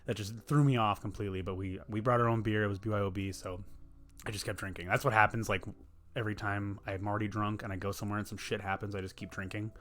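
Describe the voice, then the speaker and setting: A man's voice: lowish voice, fairly even intonation, fast, a bit bright. A young man, telling a rambling, profane story in a casual podcast chat. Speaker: podcast host.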